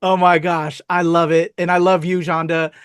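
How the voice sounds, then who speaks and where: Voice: medium pitch, little pitch movement, moderate pace, clean tone, dry recording. Enthusiastic interview host, dry sound. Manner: enthusiastic and gushing. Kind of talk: casual interview chat.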